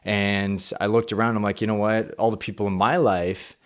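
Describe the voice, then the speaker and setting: A young adult man hosting a faith podcast, telling a personal story and acting out his own past thoughts in a lively way. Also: on the low side, moderate pace, smooth. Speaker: podcast host. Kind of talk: personal testimony and Bible talk.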